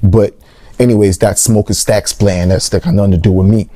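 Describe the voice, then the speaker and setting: A man giving a comedic movie review, animated and rambling, with big jumps in pitch on his jokes. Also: fairly quick, dry recording, studio quality. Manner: rambling with restarts and asides.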